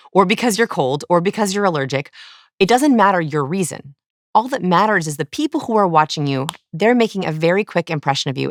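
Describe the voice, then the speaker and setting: A woman's voice: on the low side, dry recording, studio quality. A woman in her thirties, a guest expert, explaining eagerly in an interview and acting out examples. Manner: animated, explanatory, acts out examples. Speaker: guest, body language expert.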